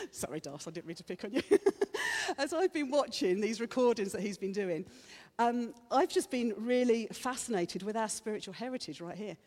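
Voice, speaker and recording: A woman's voice: mid-range voice, a little mellow. A woman preacher giving a chatty, playful sermon to a congregation, teasing them as she goes. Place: church hall. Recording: reverberant hall.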